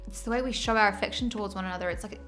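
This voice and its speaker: A woman's voice: mid-range voice, racing, fairly bright tone, soft background music. An Australian woman streamer chatting casually and laughing as she reads her chat aloud.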